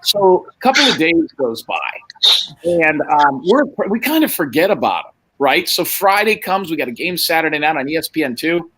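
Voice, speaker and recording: Animated husky man telling a wild story. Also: on the high side, moderate pace, rough recording. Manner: animated, swears freely, acts out other people's lines. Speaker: podcast guest. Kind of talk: casual storytelling.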